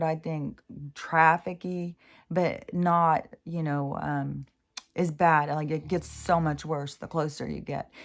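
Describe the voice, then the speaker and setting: Rambling woman with a lowish voice. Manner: rambling, self-interrupting storytelling. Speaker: spiritual vlogger. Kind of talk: casual spiritual monologue. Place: home near mountains in Washington State.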